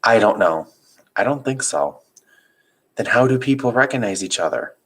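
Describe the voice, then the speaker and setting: A tired, gentle mother speaks slowly and in a hush, voiced by a man reading aloud. The voice underneath is low and deep. It is a storybook reading with a soft, soothing delivery. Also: sing-song, husky, full character voice.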